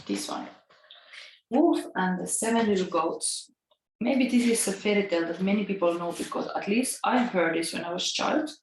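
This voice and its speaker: A chatty Finnish woman, whose accent has an Italian lilt, muses her way through a casual tarot reading and laughs often. Her mid-range voice moves at a moderate pace and echoes in the room, with slight background noise.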